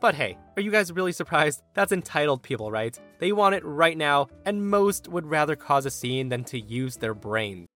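A young man reading listener stories aloud with an animated delivery, acting out the quoted lines. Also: fairly high pitch, normal speed, few pauses, faint music behind. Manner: animated, voices the quoted characters. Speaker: story reader.

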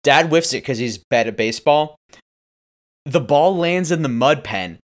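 A man riffing in casual comedic brainstorming, excitable, bursting into high-pitched acted lines. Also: a little slow.

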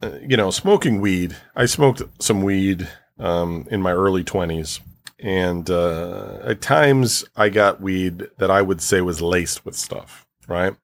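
A man's voice: low-pitched, slow pace, gravelly. A man hosting a casual call, reacting briefly and laughing along. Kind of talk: casual chat. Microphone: remote call audio.

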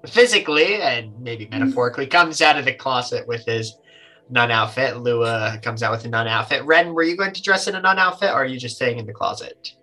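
A man narrating a tabletop game as game master, in a relaxed, halting way with many fillers. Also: medium pitch, soft background music, poor audio.

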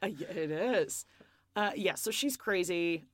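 Animated woman gossiping on a podcast. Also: lowish voice, unhurried, dry recording. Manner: animated, acts out quotes with exaggerated voices. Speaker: podcast co-host. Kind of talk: casual chat recap of reality TV.

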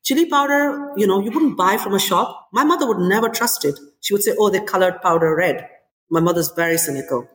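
A woman in her forties, a chef and restaurant owner, talking in an interview in an animated storytelling way with many "you know"s. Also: mid-range voice, brisk. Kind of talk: interview conversation. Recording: echoey room with long reverb.

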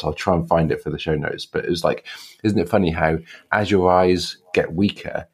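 Man, very low voice, husky, thoughtful and hesitant, video call. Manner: thoughtful, slow, hesitant, with restarts. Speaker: podcast co-host. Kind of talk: casual chat over video call.

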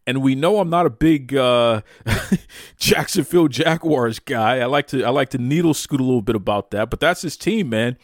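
A man hosting a wrestling talk show, excitable and playful, hyping people up with exaggerated praise. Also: mid-range voice, normal speed, no room sound, clean studio sound. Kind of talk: hyped casual podcast talk.

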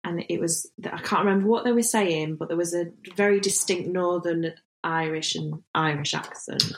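Low-voiced giggly woman who mumbles. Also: normal speed, slight background noise, poor audio. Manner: giggly, rambling, swears casually. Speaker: podcast co-host. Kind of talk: casual chat.

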